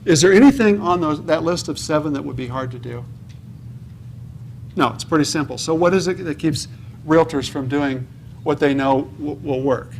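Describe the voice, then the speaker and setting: Guy giving a seminar talk at a conference, lots of "okay?", answers his own questions, slightly high voice with faint background hum. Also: moderate pace, creaky. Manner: preachy, asks the audience questions and answers them; says "okay?" often. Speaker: conference speaker. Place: conference hall.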